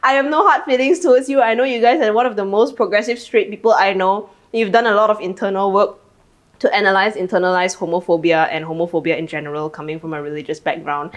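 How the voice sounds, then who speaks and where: A woman's voice: medium pitch, fast talker. A young Malaysian woman co-hosting a podcast, her voice sitting in an ordinary middle register. She tells stories with lots of energy, swears freely and tags her sentences with "lah". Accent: Malaysian English. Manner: animated storytelling, swears freely, ends phrases with "lah". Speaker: podcast co-host. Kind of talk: casual chat.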